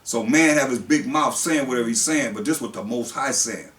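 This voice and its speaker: A male preacher, who reads scripture slowly and then explains it in blunt everyday speech. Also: medium pitch, a bit bright. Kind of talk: sermon. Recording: roomy, distant mic.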